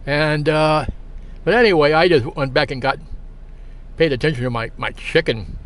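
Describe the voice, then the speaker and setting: A man telling a long, halting anecdote in a casual, rambling way, full of fillers and restarts. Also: on the high side, fairly bright tone. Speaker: storyteller.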